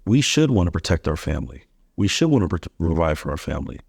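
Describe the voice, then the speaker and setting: A man's voice: deep voice, very animated, fast talker, gravelly, darkish tone, breathy edge, no echo, clean studio sound. A man in his thirties hosting a podcast, talking earnestly and telling anecdotes, often restarting his sentences. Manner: earnest, repeats words when starting, tells anecdotes. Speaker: podcast host. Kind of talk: casual conversation.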